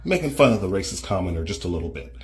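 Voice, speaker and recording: A man with a somewhat low voice talks casually to his viewers. He is playful and conspiratorial as he walks them through a tip. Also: sing-song, racing. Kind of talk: casual advice to camera.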